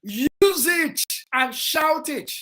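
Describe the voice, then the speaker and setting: A woman with a Nigerian accent hosting a vlog, giving forceful, repetitive, lecturing commentary aimed straight at a rival. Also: high-pitched, lively intonation, takes it slowly. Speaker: vlog host. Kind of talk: impassioned livestream commentary.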